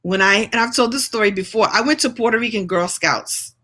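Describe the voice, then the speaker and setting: Bright, playful woman from New York. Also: mid-range voice, a little fast. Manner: playful, exclamatory, laughs often. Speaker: speaker hosting a live session. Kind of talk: lively live-stream chat with an improv game.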